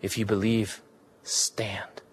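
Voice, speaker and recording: A man reading aloud who voices God as a hushed, low, commanding presence in a live fiction reading. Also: flat delivery, slow, husky.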